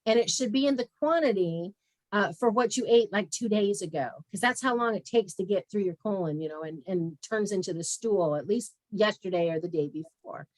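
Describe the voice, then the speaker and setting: Brief: candid woman health practitioner, mid-pitched, dry close sound, lively storytelling. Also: moderate pace, no echo, rough recording. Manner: candid and animated, acts out conversations. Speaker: guest speaker, health practitioner. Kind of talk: frank personal storytelling in an interview.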